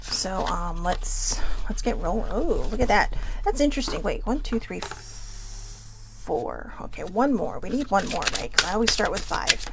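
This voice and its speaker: A woman's voice: medium pitch, very animated, normal speed, vocal fry, very noisy. A woman hosting a live oracle card reading, chatty and giggly, swearing freely and wandering off topic.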